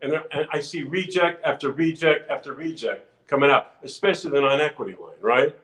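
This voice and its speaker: A man's voice: on the high side, fairly quick, roomy sound, poor audio. Older man telling a show-business story. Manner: animated anecdote telling with restarts and acted-out quotes. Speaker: podcast guest. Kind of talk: casual storytelling.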